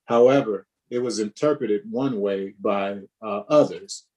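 With a dark, low-leaning voice and a measured pace, a man leads a Bible study. He teaches and preaches like a preacher, repeating points and asking the group questions.

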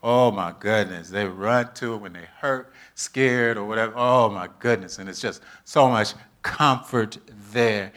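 A man preaching a sermon, with funny asides that drop to a soft voice and swing back to loud, lively preaching. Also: on the low side. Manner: animated, humorous preaching with sudden soft asides. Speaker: pastor.

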